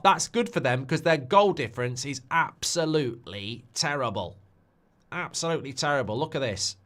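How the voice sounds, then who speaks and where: A man hosting a live football watchalong, chatty and animated, with quick asides about the scores. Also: mid-range voice. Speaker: host.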